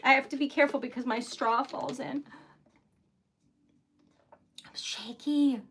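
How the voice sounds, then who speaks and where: A woman's voice: sits high, fairly even intonation, a little slow, creaky, fairly bright tone, slight background noise. A woman live streaming while she crafts. She talks in an emotional, flustered, giggly way and sounds teary and shaky.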